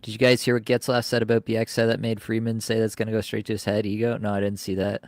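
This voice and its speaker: A man's voice: on the low side, monotone, fast, a little mellow, dry recording, clean studio sound. A man co-hosting a live stream, chatting casually and laughing often as he reacts. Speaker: co-host.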